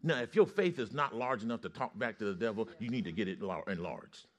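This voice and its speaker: A man preaching a sermon with call-and-response, his storytelling rising to loud excitement. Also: fairly low pitch, brisk.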